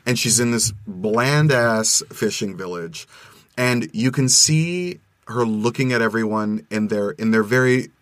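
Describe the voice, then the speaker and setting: A man's voice: mid-range voice, a little slow, fairly bright tone, no echo. A man who is a guest on a podcast, talking about films enthusiastically and casually with many restarts. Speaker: podcast guest film critic.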